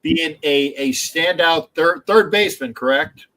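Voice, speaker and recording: A man's voice: a little high, a little slow, a bit bright, poor audio. A man hosting a casual sports livestream, rambling with many restarts and the odd swear word. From Philadelphia area. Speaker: livestream host.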